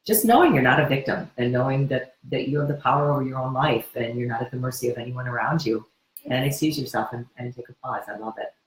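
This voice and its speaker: A woman's voice: rumbling low, quick pace. A woman hosting a live wellness course Q&A, talking in an earnest, encouraging way with frequent restarts. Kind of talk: live webinar Q&A. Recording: roomy echo.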